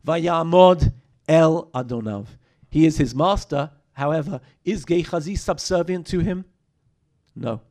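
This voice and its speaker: A man's voice: a little high, expressive, measured pace, a little mellow. A man teaching a text study lesson, reading verses aloud and explaining them with rhetorical questions. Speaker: Bible teacher.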